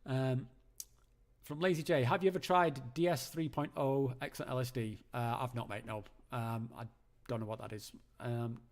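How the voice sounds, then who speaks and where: A man with a steady, medium-pitched voice hosts a live call-in show from home at a normal speed. His talk is casual and rambling, peppered with fillers and restarts.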